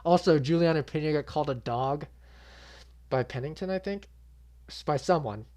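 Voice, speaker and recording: A man's voice: fairly high pitch, moderate pace, a little mellow. A young man hosting his own channel, giving a casual reaction recap with blunt, swearing, exasperated commentary. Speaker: MMA channel host.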